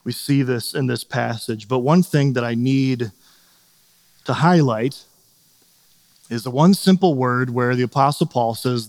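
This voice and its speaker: A man's voice: fairly high pitch, moderate pace, a little mellow, in a large hall. A middle-aged man preaching a sermon in a casual, conversational way, often checking in with "right?" and acting out little scenes. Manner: conversational, asks "right?" often, acts out quotes. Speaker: pastor.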